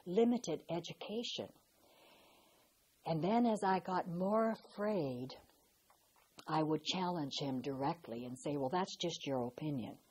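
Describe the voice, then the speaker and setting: An older woman recalling her past in a slow, reflective way, pausing and restarting as she tells her story. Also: low-pitched, a little mellow, slight background noise, low-quality recording. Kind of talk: personal recollection.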